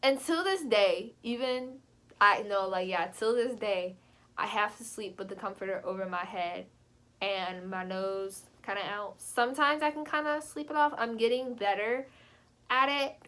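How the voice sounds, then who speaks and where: A young adult woman telling a personal story in a casual vlog, animated and chatty, leaping up in pitch when she quotes herself. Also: a little slow. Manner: animated, jumps high when quoting herself; chatty, frequent fillers. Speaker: vlogger.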